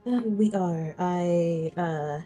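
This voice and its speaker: A woman takes part in a tabletop game over voice chat, speaking slowly and hesitantly with many fillers. Her voice sits a bit lower than most women's. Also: warm tone, faint music behind. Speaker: player. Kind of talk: casual tabletop role-play.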